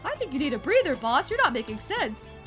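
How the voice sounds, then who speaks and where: A woman's voice: high voice, fairly quick, music in the background, voice pushed up. Woman doing a chipper young cop sidekick. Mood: upbeat. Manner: upbeat, excitable, chipper. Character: eager young male police officer sidekick. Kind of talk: game dialogue read aloud.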